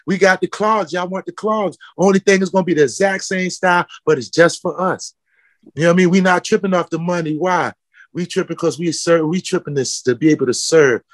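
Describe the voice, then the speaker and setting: Man, fiery, preaching, fairly high voice, dry close sound. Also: brisk, no room sound. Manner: fiery, preaching, calls people out with repeated questions. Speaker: footwear company founder. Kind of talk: passionate interview talk.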